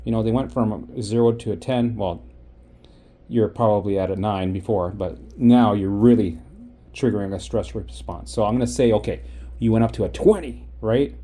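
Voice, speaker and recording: A man coaching viewers through exposure practice in a casual vlog, acting out an anxious walk and then explaining it in an animated way. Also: on the low side, normal speed. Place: out and about, then in a car.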